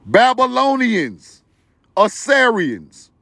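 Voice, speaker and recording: Lively, gravelly livestreaming man. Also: very high voice, drawn-out words, no room sound. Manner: animated, preachy and joking, laughs loudly; talks to viewers directly. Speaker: livestream host. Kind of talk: excited livestream commentary.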